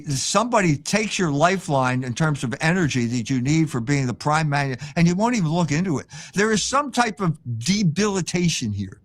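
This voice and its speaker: An older man speaks as a guest author on a live interview stream. His voice sits high, and he lectures in an opinionated, emphatic way.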